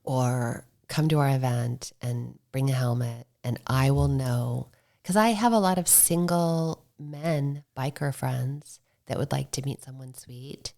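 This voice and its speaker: A middle-aged woman with a notably low voice, chatting on a podcast. She tells her stories in a relaxed, talkative way and acts out what other people said, sometimes sinking to a soft whisper. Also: unhurried, vocal fry. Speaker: podcast guest, motorcycle club founder. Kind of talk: casual podcast conversation.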